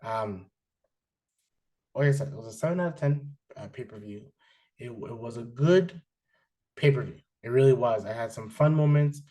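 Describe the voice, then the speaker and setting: Male podcast host, casual rambling delivery, filler-heavy, mid-pitched, animated in bursts. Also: normal speed, pauses often. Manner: rambling, frequent fillers and restarts, animated when excited. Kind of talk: casual chat, reviewing wrestling.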